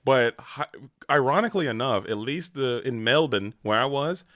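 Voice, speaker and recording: A man's voice: medium pitch, moderate pace, no echo, clean studio sound. A man from the United States, an esports caster, chatting and joking playfully with his co-hosts between matches. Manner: animated, playful, bursts of excited emphasis. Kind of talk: casual banter between casters.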